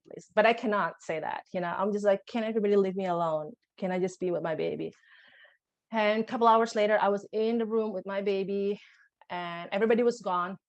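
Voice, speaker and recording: A young adult woman, a podcast guest, recounting a personal birth story in conversation, emotional and halting, with frequent restarts. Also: medium pitch, lo-fi sound.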